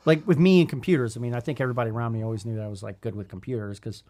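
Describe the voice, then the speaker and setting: A man's voice: medium pitch, rapid-fire, dark tone. Rambling, thoughtful male podcast host. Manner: thoughtful and rambling, many restarts and "I mean". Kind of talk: casual leadership podcast chat.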